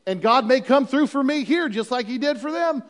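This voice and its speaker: A man voicing a devout male prophet speaking calmly and earnestly, in a high voice with long hall reverb. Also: moderate pace. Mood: resolute.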